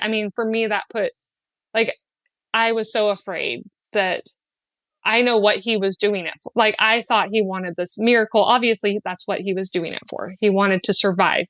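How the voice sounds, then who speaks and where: A woman guest on a podcast telling a personal story in an earnest, heartfelt way, sliding into lively acted-out quotes and laughs, with many fillers. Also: medium pitch, no echo. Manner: animated when acting out quotes, often laughing. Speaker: podcast guest, spiritual guide.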